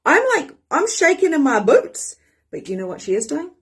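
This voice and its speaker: A woman, a life coach giving a lively live-streamed motivational talk. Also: high voice, fairly quick. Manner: animated and excitable, swears casually.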